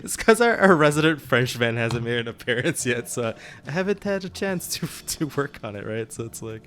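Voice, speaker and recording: A man's voice: mid-range voice, animated, fairly quick, fairly bright tone. A man co-hosting a tabletop gaming podcast, talking casually with frequent laughs and fillers. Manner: chatty, laughs often, many fillers. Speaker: podcast co-host and game master.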